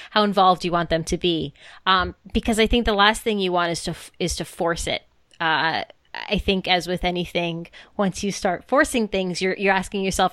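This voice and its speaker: A woman's voice: fairly low pitch, fairly bright tone, smooth, no echo. A woman co-hosting a podcast, chatting casually and telling stories with lots of fillers. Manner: chatty, storytelling, many fillers. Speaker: podcast co-host. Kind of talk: casual chat.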